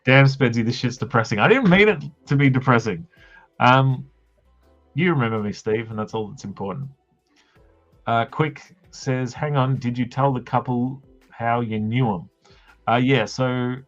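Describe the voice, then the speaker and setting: A man chats casually on a drawing stream, spinning self-mocking stories with quick voiced quotes. His voice sits a bit low. The audio is dull and lo-fi, with faint music underneath. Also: a bit bright. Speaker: host of a drawing live stream. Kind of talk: casual storytelling chat.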